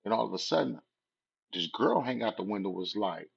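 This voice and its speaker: A man's voice: fairly low pitch, animated, fairly quick, gravelly, slightly rough. A man, casually telling a personal story in laid-back street slang. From Southern California. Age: 40s. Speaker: vlogger. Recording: dull lo-fi recording.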